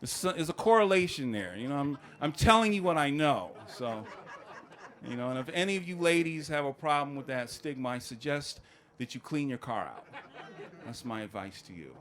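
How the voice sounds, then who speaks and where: Deadpan man doing stand-up. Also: mid-range voice, moderate pace, slight background noise. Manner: conversational, deadpan storytelling with acted quotes. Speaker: stand-up comedian. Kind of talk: stand-up comedy set.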